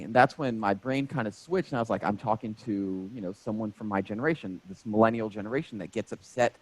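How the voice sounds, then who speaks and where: A man in his thirties, a stand-up comedian telling stories in a casual interview, animated and jokey. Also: on the low side, fast talker, few pauses, husky, no echo, poor audio. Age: 30s.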